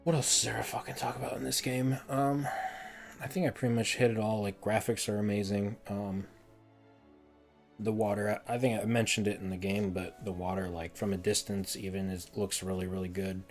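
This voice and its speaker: A man's voice: on the low side, level tone, brisk, creaky, faint music behind. A man streaming a heated game review, ranting and swearing often, repeating words in frustration.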